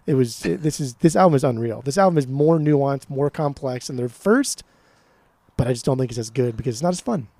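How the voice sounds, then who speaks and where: A man co-hosting a podcast in casual chat, excitable and profane, often repeating words as he gushes. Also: medium pitch, a little fast, no room sound. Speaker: podcast co-host.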